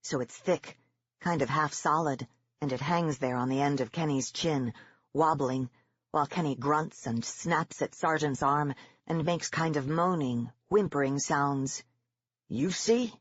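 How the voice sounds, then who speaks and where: An audiobook narrator reading a horror novel in a measured, even storytelling manner, in a slightly dull lo-fi recording. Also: medium pitch, no room sound.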